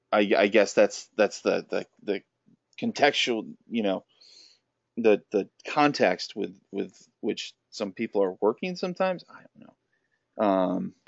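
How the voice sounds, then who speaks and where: A man hosting a podcast, speaking haltingly with many restarts. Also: fairly low pitch, vocal fry, dry recording. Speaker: podcast host. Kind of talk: casual podcast chat. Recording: dull, dry lo-fi audio.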